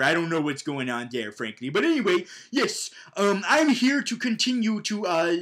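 A man's voice: high voice, animated, normal speed, hardly any pauses, a bit bright. A young man giving a casual, comedic movie recap, rambling with many fillers and stammered restarts.

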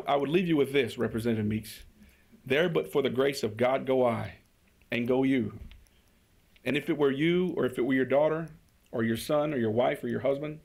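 Gravelly man giving earnest testimony. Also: medium pitch, a little mellow. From Kentucky. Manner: earnest, repeats words when starting phrases. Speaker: state representative. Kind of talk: committee hearing testimony.

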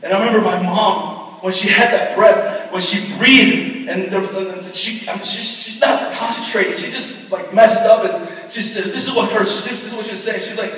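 A male pastor telling a personal story in a sermon, moving between hushed and loud as he relives it. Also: high voice, normal speed. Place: retreat meeting hall. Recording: echoey hall picked up from far off.

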